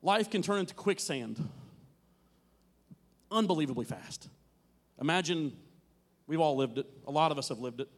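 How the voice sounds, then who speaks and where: Dramatic male preacher, slightly high voice. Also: lively intonation, normal speed, long pauses, in a large hall. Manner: dramatic, with sudden drops to a near murmur and emphatic swells. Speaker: pastor. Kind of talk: sermon. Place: church hall with teens present.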